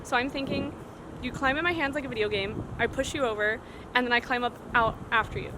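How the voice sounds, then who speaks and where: Joking woman vlogging over loud street noise. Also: a little high, fairly quick. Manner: joking, rambling banter. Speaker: vlog host. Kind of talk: casual travel vlog chat. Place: outdoors, walking city streets and a cemetery.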